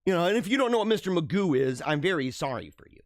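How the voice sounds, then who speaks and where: Man, live show host, casual chat, laughs a lot, slangy, lively swinging pitch, dry close sound. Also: fast talker, no room sound. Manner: animated, laughing, slangy ("dude", "bro", "man").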